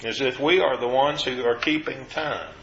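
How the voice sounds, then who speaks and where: A man delivers a sermon in a bright, forceful voice, earnest and careful in his explanations. He lifts his pitch whenever he quotes scripture. The sound is dull and lo-fi, and it echoes around a roomy church. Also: normal speed, slight background noise. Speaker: preacher.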